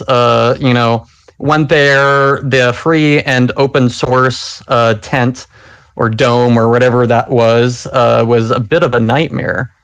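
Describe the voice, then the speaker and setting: A man's voice: medium pitch, fairly bright tone, smooth, dry recording. Guy hosting a live audio chat, super casual, lots of ums, dry sound. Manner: loose, filler-heavy, chatty. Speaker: podcast host.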